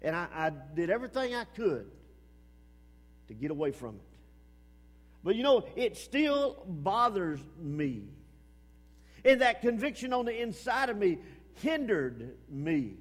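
A man preaching a sermon with emphasis, repeating his phrases and swinging between loud and hushed. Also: sits high, very animated, a little slow, long pauses, long reverb tail.

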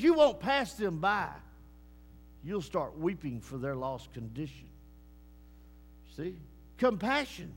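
A man preaching a sermon and telling a moving story, swinging between loud bursts and hushed lines. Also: high voice. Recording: long echoing church hall reverb.

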